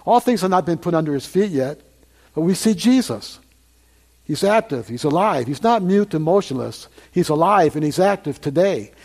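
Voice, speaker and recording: A man's voice: on the high side, darkish tone. An older man preaching a sermon to a congregation in a conversational way, repeating phrases and asking the listeners questions.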